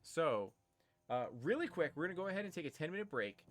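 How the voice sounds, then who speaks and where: A man's voice: fairly high pitch, quick pace, no room sound. Rambling man narrating as game master. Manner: relaxed, rambling narration full of fillers. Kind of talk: narrating a tabletop game on a livestream.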